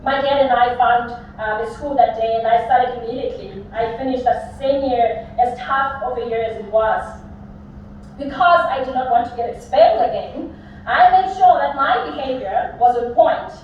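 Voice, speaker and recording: A woman's voice: on the high side, normal speed, slight background noise. A young woman from Africa, giving a commencement speech full of humorous personal stories. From South Africa. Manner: humorous anecdotal storytelling. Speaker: commencement speaker. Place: large graduation venue. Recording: echoey hall, distant mic, dull sound.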